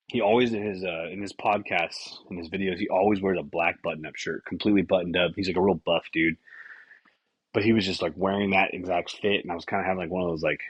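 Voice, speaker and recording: A young man with a low, husky voice tells loose, profane stories packed with fillers as a podcast host. The recording is dry and a little dull. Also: no room sound. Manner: rambling, profane, many fillers. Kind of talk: casual storytelling.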